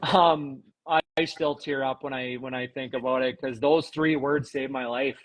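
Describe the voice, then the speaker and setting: A man guest on a podcast, telling a personal story earnestly and with emotion, often pausing with "um". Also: medium pitch, steady tone, rough recording. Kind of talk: casual conversation.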